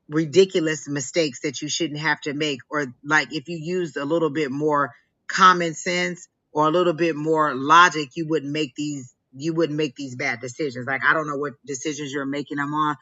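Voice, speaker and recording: Bright-toned woman giving a rambling psychic reading. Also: low voice, steady tone, moderate pace, dull audio. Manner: rambling, heavy use of "like". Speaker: psychic reader and co-host. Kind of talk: live-stream psychic reading.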